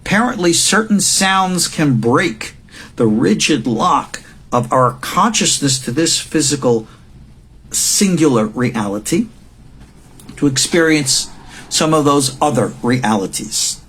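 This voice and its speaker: A man in his sixties teaching a recorded lecture as a rabbi, emphatic and repeating words for stress, with a husky voice. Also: on the high side, expressive, takes it slowly, a bit bright. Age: 60s.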